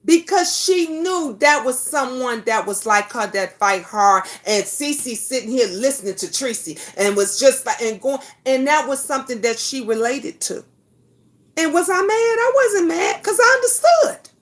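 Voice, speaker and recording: A woman's voice: high-pitched, animated, measured pace. A middle-aged woman hosting a talk show, giving an emotional, profane and preachy monologue. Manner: preachy, lecturing. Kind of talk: impassioned monologue.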